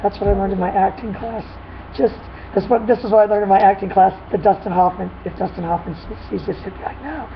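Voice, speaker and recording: A woman dog trainer chatting casually in a vlog, retelling a dispute in an animated, rambling way with frequent laughs. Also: mid-range voice, fast, gravelly. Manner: animated storytelling, laughs often. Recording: dull lo-fi with faint noise.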